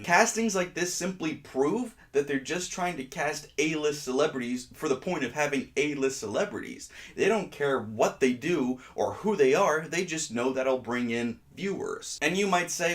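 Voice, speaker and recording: A man's voice: fairly high pitch, expressive, moderate pace, hardly any pauses. A man hosting his own commentary video, ranting in an exasperated, sarcastic way. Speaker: host.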